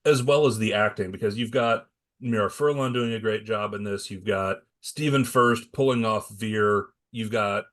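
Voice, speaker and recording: A man's voice: on the low side, normal speed, fairly bright tone. A man hosting a podcast, talking through a favorite episode with enthusiasm. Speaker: podcast host. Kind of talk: casual chat.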